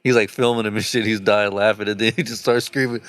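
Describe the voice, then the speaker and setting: A man's voice: fairly low pitch, fairly even intonation, quick pace, a bit bright, no echo. A man co-hosting a comedy podcast, telling rambling, profane stories in casual chat. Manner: profane, rambling storytelling with laughs. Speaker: podcast co-host.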